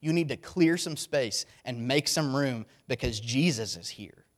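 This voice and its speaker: A man's voice: medium pitch, measured pace. A man preaching a sermon, earnest and emphatic, often repeating key words for weight.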